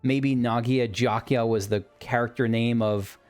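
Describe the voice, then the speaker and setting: A man's voice: medium pitch, steady tone, a little slow, darkish tone, smooth, soft background music. A man casually commenting as he plays a video game, enthusiastic and rambling, often breaking off mid-sentence. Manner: enthusiastic, rambling, self-interrupting. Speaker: let's play host.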